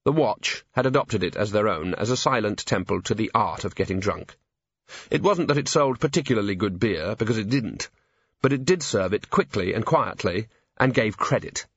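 A man reading a novel aloud as a narrator, in a measured, dry storytelling manner. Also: on the low side, animated, husky. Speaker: audiobook narrator. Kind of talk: scripted narration. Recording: dull, dry lo-fi recording.

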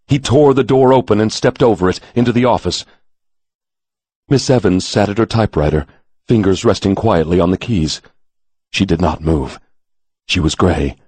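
A man reading a short story aloud in a measured, dramatic storytelling manner. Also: low-pitched, darkish tone, husky, no echo. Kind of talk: audiobook narration.

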